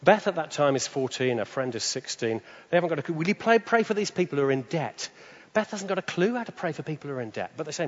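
A man preaching a sermon, telling stories and swinging up into high, excited tones. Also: fast talker. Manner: animated, jumps to high excited pitch. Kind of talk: sermon with storytelling. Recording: dull sound with long hall reverb.

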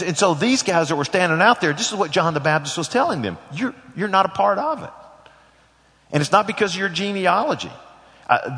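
A man's voice: fairly high pitch, sharp tone. A middle-aged man preaching a sermon as pastor, folksy and conversational with joking asides. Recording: long hall reverb.

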